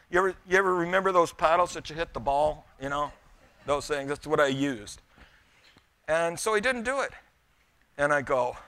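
Bright-voiced preacher telling folksy stories. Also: male voice, on the high side. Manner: folksy storytelling, addressing the congregation directly. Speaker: pastor. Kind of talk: sermon.

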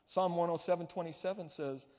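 A man's voice: fairly high pitch, a little fast, darkish tone. A male pastor giving a sermon, telling a story in a conversational way with frequent restarts. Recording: long reverb of a large hall.

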